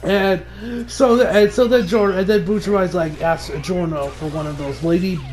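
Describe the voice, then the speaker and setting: A man giving a casual, animated episode recap, often laughing and acting out the characters' lines. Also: high voice, moderate pace. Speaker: anime reviewer.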